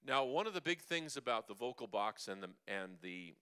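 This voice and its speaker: A man runs a group vocal workshop in a church hall, cheerfully coaxing everyone through breathing and humming drills and modeling each sound himself. His voice is medium in pitch, pushed and bright, clear and resonant.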